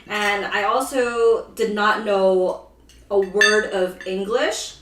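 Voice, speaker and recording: A woman from the Philippines telling childhood stories in casual chat, animated and laughing, acting out the voices of people in her stories. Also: medium pitch, slow, slight background noise. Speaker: co-host. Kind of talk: casual storytelling. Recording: roomy echo, mic at a distance.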